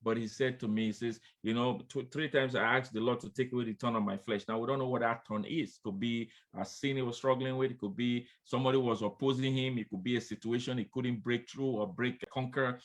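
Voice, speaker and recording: Preaching in a steady, mid-range voice, this man moves briskly with hardly any pauses. He addresses his listeners straight on as friends, emphatically repeating refrains and spurring them on with cries of "come on, somebody."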